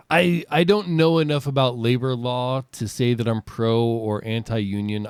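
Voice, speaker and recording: A man co-hosting a podcast, reading news items and reflecting on them in a measured, frank way. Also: mid-range voice, darkish tone, smooth, dry recording. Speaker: podcast co-host.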